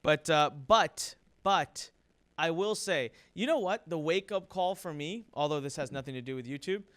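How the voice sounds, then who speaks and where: Animated male podcast host. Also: on the high side, moderate pace, no room sound. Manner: animated, storytelling. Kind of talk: conversational interview.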